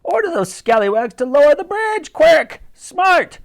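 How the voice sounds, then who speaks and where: A man voicing a commanding old naval admiral who shouts orders in a storybook reading. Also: extremely high pitch, big pitch swings, gravelly, voice pushed up, full character voice. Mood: urgent. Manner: brisk, commanding.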